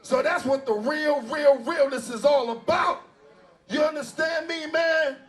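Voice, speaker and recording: New man, very high voice, loud profane stage storyteller who shouts a lot. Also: measured pace. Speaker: performer on stage. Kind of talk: live storytelling to a crowd. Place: live club stage.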